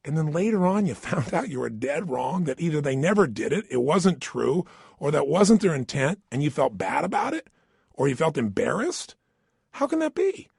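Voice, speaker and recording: Lively, husky middle-aged motivational speaker man. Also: fairly high pitch, normal speed, no room sound, studio quality. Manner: emphatic, questions the listener directly. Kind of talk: energetic motivational talk. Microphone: studio microphone.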